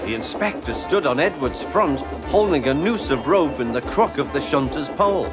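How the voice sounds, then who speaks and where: A man narrating a children's railway story in an animated, expressive way. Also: a little high, moderate pace. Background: music.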